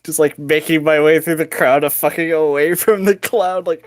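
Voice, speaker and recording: A woman with a low voice playing a tabletop game, casual and giggly, swearing freely and padding with filler words. The sound is dry and close. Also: fairly even intonation, normal speed, no room sound. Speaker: player.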